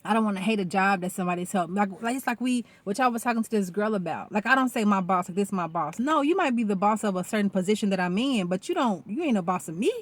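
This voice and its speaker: A woman talking casually in a vlog, rambling and animated and swearing freely. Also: medium pitch, fast talker, hardly any pauses. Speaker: vlogger. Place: outdoors.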